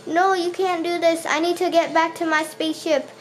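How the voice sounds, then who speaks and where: A woman's voice: very high-pitched, flat delivery, normal speed. A woman playing a video game and commentating it, often panicking and repeating words in bursts as she talks back to the enemies. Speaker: gaming channel host. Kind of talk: let's play commentary.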